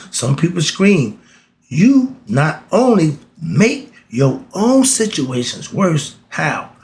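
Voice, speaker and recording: A spiritual teacher gives a casual talk, posing rhetorical questions to himself and then answering them. His voice is a little high and gravelly, with slight background noise behind it.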